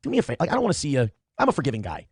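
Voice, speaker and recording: Fast-talking profane male livestreamer. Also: fairly high pitch, huge pitch swings, slightly rough, no echo, studio quality. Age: adult father of young children. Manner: rambling, profane, self-interrupting. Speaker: livestream host. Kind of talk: casual livestream chat reading viewer donations.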